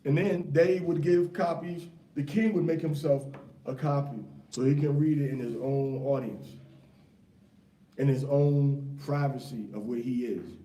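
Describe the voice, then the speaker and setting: A man's voice: medium pitch, steady tone, unhurried, mellow. A man teaching a casual scripture class. He fires rhetorical questions at his students in a loose, slangy way. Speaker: Bible teacher. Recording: echoey room, mic far off.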